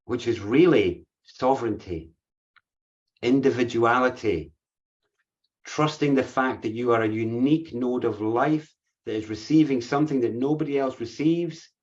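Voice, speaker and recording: A man's voice: mid-range voice, dull audio. A man giving an earnest, reflective spiritual talk to a group, often repeating phrases as he thinks.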